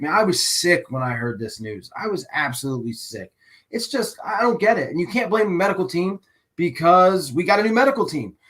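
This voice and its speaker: A man rants on his live sports channel, his voice sitting a little high. He rambles, restarts his sentences and sounds openly exasperated. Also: a bit bright. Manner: rambling, with frequent restarts and fillers; emotional and exasperated. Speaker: channel host. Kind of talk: live-stream sports rant.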